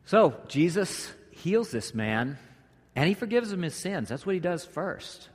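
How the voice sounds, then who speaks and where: A pastor preaching a sermon, telling the story vividly, jumping to loud bursts and dropping to quiet asides. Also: male voice, a little high, big pitch swings, measured pace, husky. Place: church sanctuary during a service. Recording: long reverb of a large hall.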